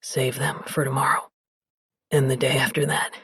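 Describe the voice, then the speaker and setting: An intense, lovestruck young male musician, as a female narrator puts him on, low and breathless with a strained edge. His voice is husky and breathy, close and dry with no room around it. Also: steady tone, unhurried, no room sound, full character voice. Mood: tender. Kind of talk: audiobook character voice.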